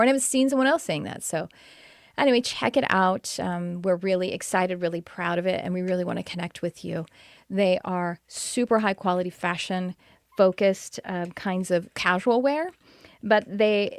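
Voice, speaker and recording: A woman's voice: fairly low pitch, no echo, clean studio sound. A middle-aged woman from Texas, hosting a live podcast in an enthusiastic, chatty way with many restarts. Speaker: podcast host and spiritual teacher. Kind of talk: casual live-stream chat.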